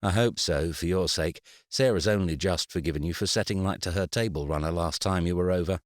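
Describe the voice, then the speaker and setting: Grumpy suspicious friend, blunt and reproachful, low voice, as a male narrator plays him. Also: brisk, dry recording, clean studio sound, lightly acted.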